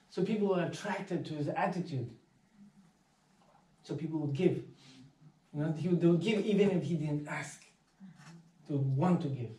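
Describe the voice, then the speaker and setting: A man giving an inspirational talk, telling anecdotes in a casual, animated way and acting out the voices of people in his stories. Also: on the high side, moderate pace, pauses often. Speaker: speaker. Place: meditation centre hall. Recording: echoey hall, voice from far off.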